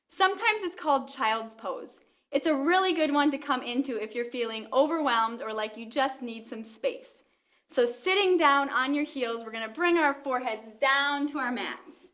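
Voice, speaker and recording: A young woman leading a toddler yoga lesson, talking in a gentle, encouraging, sing-song way to small children. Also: high voice. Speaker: kids' yoga teacher.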